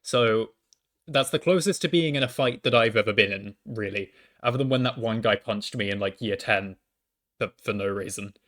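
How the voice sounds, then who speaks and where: A young man, a university student, records a casual storytime monologue at home into a microphone. His voice sits on the low side, a bit bright, at a normal speed, and he often stammers and restarts with self-deprecating asides.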